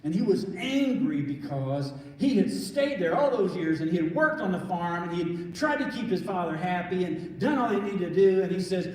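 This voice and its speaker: A man with a high voice preaches a sermon, earnest and conversational, and often restarts his sentences. He sounds distant, recorded from far across a church sanctuary. A long reverb and a faint hiss of room noise hang around his words. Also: animated, normal speed, few pauses, a little mellow. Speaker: pastor. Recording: echoey hall from far off.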